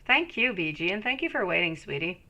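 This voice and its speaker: A woman's voice: on the low side, very animated, fairly quick, pushed and bright. A woman giving live tarot readings to viewers, reassuring and calling them sweetie. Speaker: tarot reader.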